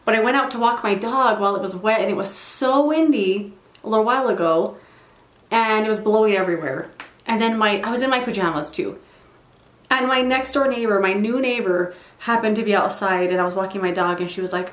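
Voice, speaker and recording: A woman's voice: medium pitch, a little fast, roomy sound. A young woman chatting casually as a beauty vlogger in her bedroom, rambling with self-deprecating asides. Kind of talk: casual get-ready-with-me chat. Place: bedroom at home.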